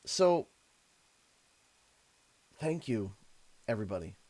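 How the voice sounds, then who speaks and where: A man's voice: lowish voice, sing-song, slow pace, darkish tone. A man from Canada chatting on a live stream, emotional and effusive, often stammering and repeating himself. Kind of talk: casual live-stream chat.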